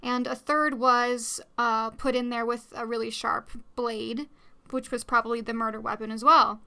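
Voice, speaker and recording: Speaking into a new studio mic, this young podcast host rambles through a casual solo chat full of fillers and small laughs. She has a slightly high, pushed, bright voice with vocal fry, a clear, resonant tone, flat delivery and moderate pace.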